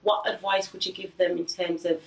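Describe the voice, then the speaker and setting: A woman's voice: on the low side, level tone, fairly quick, gravelly, distant mic. A young adult woman hosting her own video channel, chatty and upbeat in a casual talk with her mother. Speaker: video host. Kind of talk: casual family conversation. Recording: echoey room, voice a bit off-mic.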